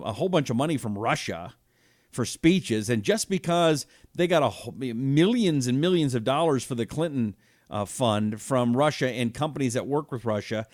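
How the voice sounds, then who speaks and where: A man in his fifties hosting a political talk show, reading viewer comments and reacting with indignation, dropping to a hush and then rising loud. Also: on the high side, dry recording, clean studio sound. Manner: heated and indignant, swings from hushed to loud.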